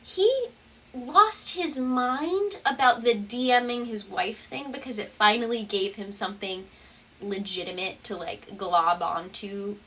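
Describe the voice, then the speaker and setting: Sarcastic bright-voiced woman reacting. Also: a little high, expressive, unhurried, husky, recorded from a distance. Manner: sarcastic, swearing, rambling. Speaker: commentary video host. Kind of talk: reaction commentary.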